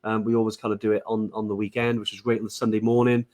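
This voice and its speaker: A man's voice: fairly low pitch, level tone, rapid-fire, a little mellow. A man from Wales co-hosting a casual live-stream chat, talking chattily with many fillers and restarts. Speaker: podcast co-host.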